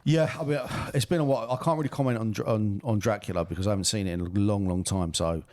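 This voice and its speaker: A man co-hosting a podcast in casual chat, swearing freely and talking in lively bursts. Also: fairly low pitch, fast, no room sound, clean studio sound. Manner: sweary, animated, talks in bursts. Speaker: podcast co-host.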